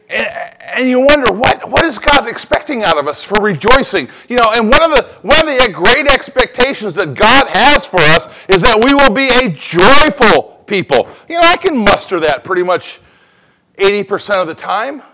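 Bright-voiced man preaching a casual sermon. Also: high voice, poor audio. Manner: conversational, jokey preaching with sung snippets. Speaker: pastor.

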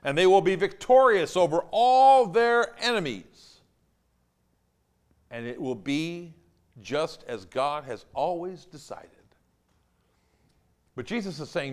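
Animated, high-voiced male preacher. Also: slow. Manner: animated, emphatic preaching with acted-out quotes. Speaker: pastor. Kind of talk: sermon.

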